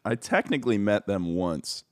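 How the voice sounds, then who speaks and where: Young man, podcast co-host, very low voice, easygoing teasing chat, dry sound. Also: sing-song, normal speed, dry recording. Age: young adult. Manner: easygoing, laughs along, teasing. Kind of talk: casual chat.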